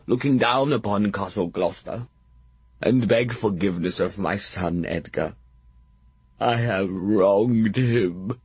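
A man voicing a melodramatic old blind earl in an audiobook, croaking and lamenting slowly. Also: lowish voice, no room sound, exaggerated voice. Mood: feebly dying. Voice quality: croaking, theatrical wailing. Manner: slow, drawn-out lamenting. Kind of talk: audiobook character voice.

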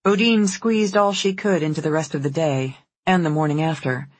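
An audiobook narrator reading a novel in an even, unhurried storytelling manner. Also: medium pitch, no echo. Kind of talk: scripted narration.

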